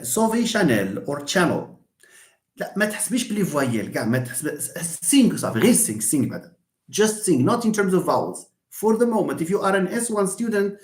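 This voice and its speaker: An English teacher talks through a live online lecture at a middle pitch, patient and chatty. The voice draws words out slowly and breaks into easy laughs. The sound is roomy, with the echo of a bare space around it. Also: very animated. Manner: laughs often and answers students by name.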